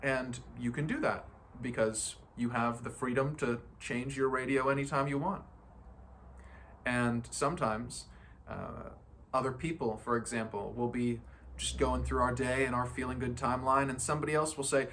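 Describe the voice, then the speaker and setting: A man's voice: medium pitch, fairly even intonation, normal speed, a bit bright, a little hiss or hum. A man giving a casual, playful motivational talk on feeling good, laughing often and acting out other people's voices. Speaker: spiritual self-help speaker.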